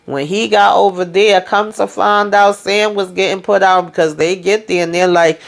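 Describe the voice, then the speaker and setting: A woman's voice: mid-range voice, steady tone, normal speed, creaky. A woman hosting a casual TV episode recap, chatty, retelling scenes by quoting the characters, with lots of "you know" and "like.". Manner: heavy use of "you know" and "like" fillers. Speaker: TV recap host.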